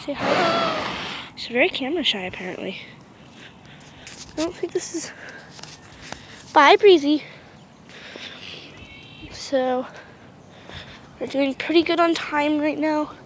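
Her high-pitched voice is expressive, slow, and broken by long pauses as a young woman vlogs casually at a horse pasture. She rambles and chats while doing chores, talking sweetly to her horses on a handheld camera, with noisy outdoor sound.

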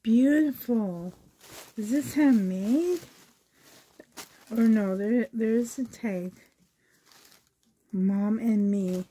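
A Canadian woman chatting slowly to her camera as she unwraps presents, exclaiming softly over each one. Her voice is a little high, husky and mellow, and it sounds tired and strained. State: sore back, voice strained. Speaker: reborn doll vlogger. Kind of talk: casual unboxing chat to camera.

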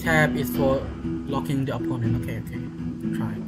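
Frustrated gamer yelling over game music. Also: medium pitch, steady tone, normal speed, low-quality recording. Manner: exasperated, shouting in frustration. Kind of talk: gameplay commentary.

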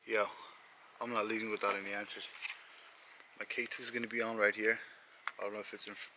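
A frightened young man vlogging outdoors at night by his car, talking in a hushed, jittery, breathless way. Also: lowish voice, little pitch movement, fast talker, pauses often. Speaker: ghost-hunting vlogger. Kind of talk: tense casual vlog narration. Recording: noisy outdoor camera audio.

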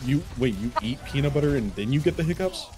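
A man's voice: medium pitch, expressive, quick pace. A man chatting casually while gaming, questioning his friends in disbelief. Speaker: gamer.

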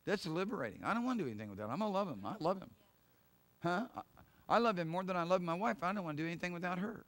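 A middle-aged male pastor giving a sermon in an emphatic, conversational way, with laughs and quick asides. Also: high-pitched, animated, fairly bright tone, dry recording.

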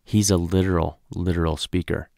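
Deep, gravelly male trainer. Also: level tone, moderate pace, a little mellow, no room sound, studio quality. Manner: conversational, keeps checking in with "right?". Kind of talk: recorded lecture.

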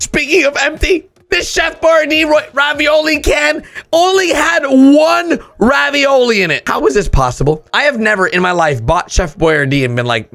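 A young man hosting a comedic reaction vlog, animated and exaggerated, sometimes bursting into shouts. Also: very high-pitched, creaky. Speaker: YouTube reaction host. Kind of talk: casual comedic commentary on photos.

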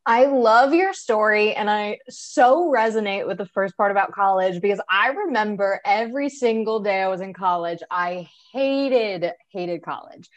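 A woman's voice: mid-range voice, moderate pace, hardly any pauses, dry recording. A woman moderating an online panel interview, talking enthusiastically and chattily with frequent ums.

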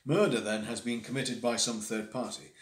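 A man voicing a cool, analytical gentleman detective who reasons aloud in a measured, lecturing manner, read from a classic story on a livestream. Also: mid-range voice, steady tone, lightly acted. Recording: roomy echo.

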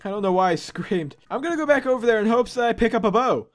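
A young man giving gameplay commentary as a YouTuber, excitable and prone to panicked yelps and screams before dropping back to quiet muttering. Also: very high-pitched, quick pace. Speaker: gaming YouTuber.

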